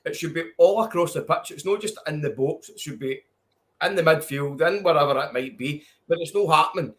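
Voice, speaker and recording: A man's voice: fairly high pitch, brisk, a bit bright. A man with a Scottish accent, ranting heatedly about football in casual podcast chat, swearing freely. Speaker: podcast co-host.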